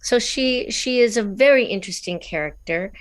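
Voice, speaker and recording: A woman's voice: fairly high pitch, lively intonation, moderate pace. Middle-aged aussie woman chatting in an interview, laughs a lot while telling stories. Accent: Australian. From Australia. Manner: warm, chatty, laughs often. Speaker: voice actress guest. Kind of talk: casual interview storytelling.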